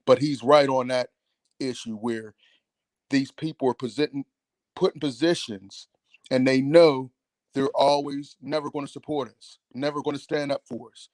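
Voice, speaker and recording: A man's voice: mid-range voice, steady tone, normal speed, a little mellow, no echo. A man calling in to a talk show, ranting in a heated, emphatic and profane way. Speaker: caller. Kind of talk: call-in radio rant.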